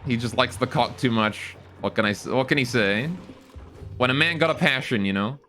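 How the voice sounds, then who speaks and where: A man's voice: medium pitch, moderate pace, bright, forceful tone, soft background music. A man streaming a game live, joking with his chat while he plays. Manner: joking, chats with viewers while playing.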